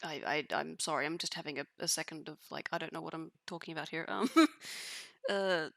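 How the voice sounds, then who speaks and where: A woman's voice: low voice, moderate pace, creaky, a bit bright, dry recording, clean studio sound. A woman playing a tabletop role-play game, narrating her character hesitantly with many restarts and giggles.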